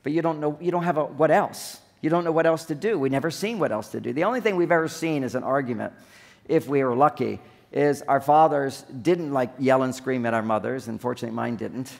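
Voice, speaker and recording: A man's voice: mid-range voice, brisk, creaky. A man giving a humorous seminar talk on relationships, acting out little scenes as he goes. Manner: joking, acts out little scenes. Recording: long hall reverb.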